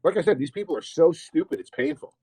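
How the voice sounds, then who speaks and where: Man, livestream host, mocking tone, fairly high, lively pitch. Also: fast, husky, no echo, poor audio. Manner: mocking, laughing, breaks into sing-song parody chanting. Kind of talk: casual livestream commentary.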